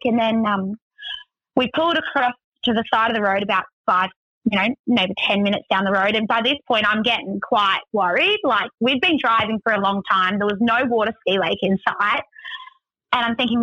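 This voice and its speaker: Aussie woman telling a story, chatty, lots of "like", bright voice, kinda dull dry audio. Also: medium pitch, brisk, no room sound. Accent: Australian. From Australia. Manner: chatty, many "like" fillers. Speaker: guest. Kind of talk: casual storytelling.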